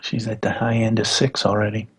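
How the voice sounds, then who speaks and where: A man's voice: fairly low pitch, completely flat delivery, fairly quick, slightly rough. A man playing in an online tabletop game, making dry, wry remarks. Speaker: player. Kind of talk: casual game chat.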